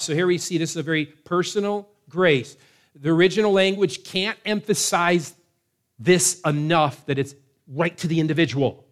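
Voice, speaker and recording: A man preaching a sermon in a measured way, slowing down to stress key words. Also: a little high. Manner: measured preaching, slows for emphasis. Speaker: pastor.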